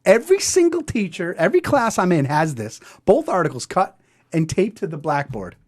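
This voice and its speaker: A man hosting a podcast, telling a story in a lively, profane way and putting on voices. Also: high-pitched, normal speed. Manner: animated storyteller doing voices, swears freely. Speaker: podcast host. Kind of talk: storytelling chat.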